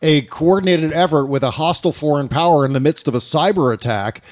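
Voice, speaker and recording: A man hosting a political talk show in a profane, sardonic, animated way. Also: on the high side, fairly quick. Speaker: podcast host.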